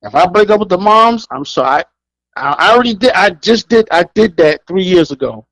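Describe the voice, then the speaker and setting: A man co-hosting a podcast speaks fairly quickly, telling crude, straightforward anecdotes in an animated way and voicing the characters higher than his own tone, with frequent laughter. The recording is dry and of poor quality.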